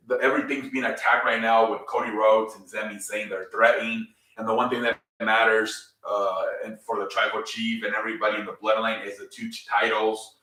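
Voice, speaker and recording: A man's voice: on the low side, bright, forceful tone, reverberant, distant mic, poor audio. A man hosting a casual, improvised recap show. He rambles, swears and openly shows his frustration. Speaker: host.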